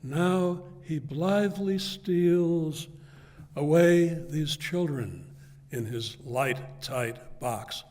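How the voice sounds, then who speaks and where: A man with a high voice reads and sings verses in a playful, halting way. He takes his time over every phrase. The sound rings with the long echo of a lecture hall. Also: a little mellow. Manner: slow, halting, playful, breaks into song. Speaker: poet reading at an event. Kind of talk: poetry reading with sung verses.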